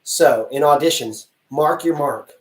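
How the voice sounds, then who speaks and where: A man who works as a casting director answers questions on a live stream, chatty and lively, acting out little scenes. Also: a little high, a little slow, reverberant, recorded from a distance, poor audio.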